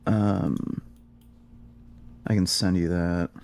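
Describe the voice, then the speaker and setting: A man's voice: deep voice, fairly even intonation, very slow, creaky, darkish tone. A man in an online political debate who hesitates and stammers, with many filler ums.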